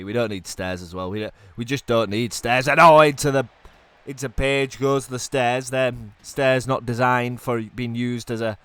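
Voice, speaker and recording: A man doing excited play-by-play commentary on a wrestling video game while ill, dropping to low mutters and then bursting into shouts. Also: smooth, no room sound. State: ill, coughing.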